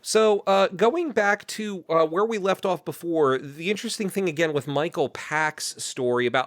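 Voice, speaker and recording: A man from New Jersey, an author and podcast guest, talking in an animated, indignant way, full of "you know" and "like". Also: a little high, moderate pace, few pauses, dry recording. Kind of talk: podcast interview.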